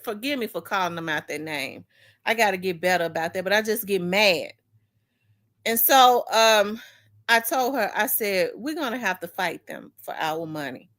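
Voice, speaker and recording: Woman host, casual storyteller, animated, voices her relatives in quotes, blunt and emotional, swears freely. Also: mid-range voice. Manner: animated, acts out family members' voices. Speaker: talk show host.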